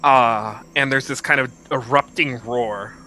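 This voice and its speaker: A man narrating a tabletop game as game master, halting with many fillers. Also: medium pitch, fairly even intonation, sharp tone, a little hiss or hum, poor audio.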